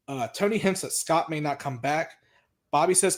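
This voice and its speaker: A man's voice: fairly high pitch, moderate pace. Blunt, profane male wrestling podcaster. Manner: blunt, profane, exasperated recapping. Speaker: podcast co-host. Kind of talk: casual chat recapping wrestling.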